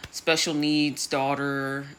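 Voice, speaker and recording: A young woman with a remarkably deep voice rambles through a TV episode recap, slangy and swearing in a deadpan way. A faint hum of ambience sits under her casual talk. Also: slow.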